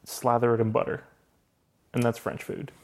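A man's voice: medium pitch, little pitch movement, moderate pace, creaky, darkish tone, a little hiss or hum. A young married man hosting a podcast, telling stories in casual chat, laughing often and swearing freely. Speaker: podcast host.

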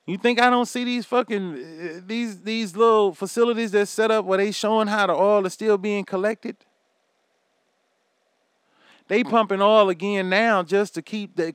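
High, smooth-voiced man ranting profanely. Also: no echo, clean studio sound. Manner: loud, profane, animated ranting with laughs. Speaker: commentary vlogger. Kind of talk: profane rant to camera.

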